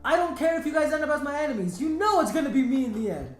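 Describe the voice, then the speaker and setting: A woman's voice: sits high, sing-song, very fast, reverberant, soft background music, voice pushed up. Woman doing a boisterous young pirate captain. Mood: determined. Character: loud cheerful young male pirate captain.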